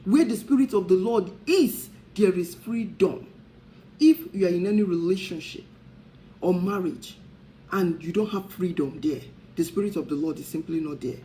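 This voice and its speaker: A woman's voice: on the low side, animated, normal speed, dark tone, poor audio. Woman, talk show host, preaching style, repeated rhetorical questions.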